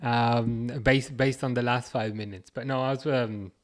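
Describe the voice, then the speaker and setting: Chatty Birmingham-accented livestream host. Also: male voice, medium pitch, fairly even intonation, unhurried. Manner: reads viewer comments aloud, chatty with frequent restarts and chuckles. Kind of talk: casual live-chat commentary.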